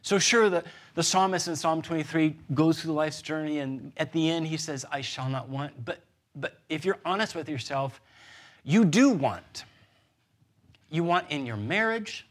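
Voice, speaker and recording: Male pastor in his 30s, earnest sermon delivery, gentle storytelling, slightly raised pitch. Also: moderate pace.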